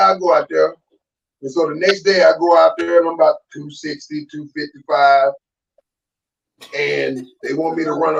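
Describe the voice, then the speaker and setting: A man in his fifties, a guest telling his own story in a relaxed, animated way, acting out what others said. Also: a little high, creaky. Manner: animated, acts out quoted voices. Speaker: guest, former football player. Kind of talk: casual storytelling. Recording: distant, dull remote audio.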